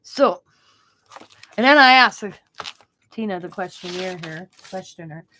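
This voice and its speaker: A woman's voice: fairly low pitch, unhurried, noisy background. Chatty, laughing woman telling a story. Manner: animated, often laughing, acts out quoted dialogue. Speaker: crafting channel host. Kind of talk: casual storytelling to viewers.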